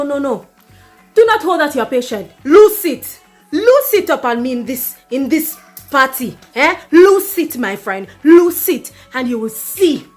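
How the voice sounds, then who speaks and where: A woman playing a fiery jealous girlfriend. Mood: threatening. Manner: confrontational and shrill. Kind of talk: comedy skit acting.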